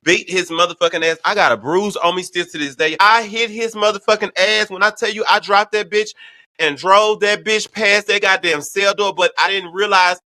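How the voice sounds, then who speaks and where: A man from Houston hosting a show, telling a wild prison story in a loud, profane, gossipy way. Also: high-pitched, normal speed, dry recording. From Houston, Texas. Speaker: host. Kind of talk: casual storytime commentary.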